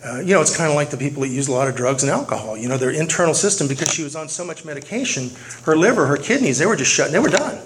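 At a recovery meeting, a middle-aged man shares his story with earnest repetition of key lines for emphasis. He speaks very fast in an expressive, fairly high voice, captured on a noisy recording marked by clicks.

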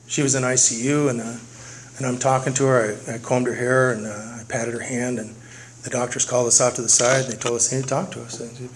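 Giving his personal recovery testimony, a middle-aged man talks earnestly, returning to certain phrases to drive them home. His mid-range voice stays steady and a little fast, and the recording is noisy and clicky.

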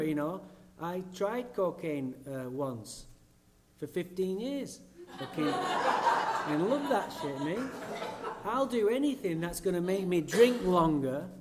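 Man, English accent, fairly high voice, blunt, profane, self-mocking, recovery meeting talk. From England.

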